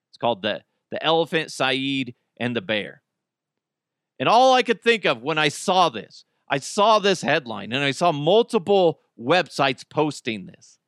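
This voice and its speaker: A man's voice: mid-range voice, a bit bright, dry recording, studio quality. A man hosting a podcast, delivering a crude, sarcastic comedic monologue and laughing often. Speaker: podcast host.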